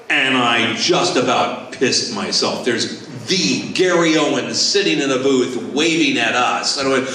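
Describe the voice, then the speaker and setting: A man in his sixties from Southern California, a voice actor telling lively stories at a convention Q&A panel on a handheld mic. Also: medium pitch, a little hiss or hum. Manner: lively, animated storyteller. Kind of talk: convention Q&A storytelling. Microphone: handheld microphone. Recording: echoey hall, voice from far off.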